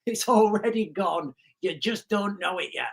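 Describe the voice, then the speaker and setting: A man's voice: sits high, expressive, unhurried, creaky. Man, livestream host, emphatic rant, repetitive, questioning the audience. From United Kingdom. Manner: emphatic, repeats himself, asks viewers questions. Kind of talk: ranting livestream commentary.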